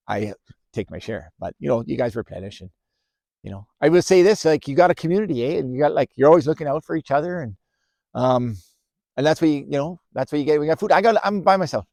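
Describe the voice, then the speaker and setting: A man's voice: on the high side, animated, brisk, vocal fry, darkish tone, no echo, studio quality. A man voicing a friendly male grizzly bear who rambles chattily and ends lines with "eh?". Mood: chatty.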